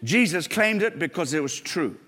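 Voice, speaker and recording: Male preacher, high voice, earnest sermon, rising to emphatic climaxes, long hall reverb. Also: lively intonation, moderate pace, fairly bright tone.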